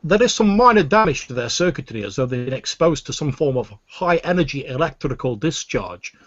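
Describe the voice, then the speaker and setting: A man's voice: medium pitch, expressive, brisk, a bit bright, pitched above the performer's own voice. A man voicing a formal, overly polite male alien steward reporting over a comm link, recorded with dull lo-fi sound.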